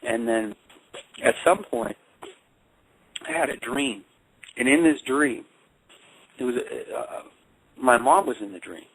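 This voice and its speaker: A man working as a life coach and counselor, telling a personal story in a phone interview with halting speech and frequent repeated words. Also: medium pitch, big pitch swings, gravelly, slightly rough, no echo, low-quality recording.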